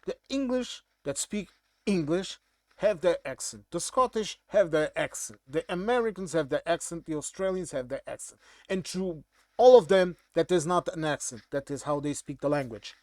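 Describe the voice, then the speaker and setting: A man's voice: fairly high pitch, expressive, normal speed, no room sound, clean studio sound. A man with a Portuguese accent, native in Portuguese, giving a casual, blunt and irritated monologue commentary.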